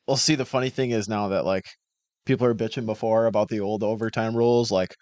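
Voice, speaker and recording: A man's voice: lowish voice, fairly even intonation, quick pace, a little mellow, dry recording. A man co-hosting a casual sports podcast, rambling with lots of fillers and laughing easily. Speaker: podcast co-host. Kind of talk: casual chat.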